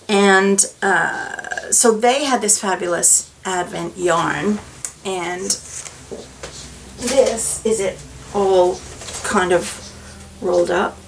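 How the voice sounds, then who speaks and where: A woman's voice: medium pitch, extremely slow, gravelly, long pauses, slight background noise, rough recording. A woman chatting casually as a knitting vlogger, rambling with many fillers and asides. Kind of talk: casual chat to camera.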